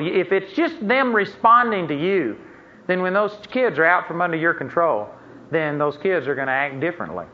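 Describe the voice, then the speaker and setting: A man preaching a sermon, his voice sitting a little high for a man. He talks in a folksy, conversational way and breaks off now and then to check with the congregation. The recording sounds dull and lo-fi. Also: expressive, moderate pace. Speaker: pastor.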